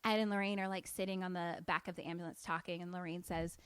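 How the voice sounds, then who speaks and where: A woman's voice: lowish voice, steady tone, fast, hardly any pauses, fairly bright tone, smooth, dry recording. A young woman co-hosting a podcast, casually retelling a film in a chatty way, with lots of fillers. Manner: chatty, with frequent "like" fillers and swearing. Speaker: podcast co-host.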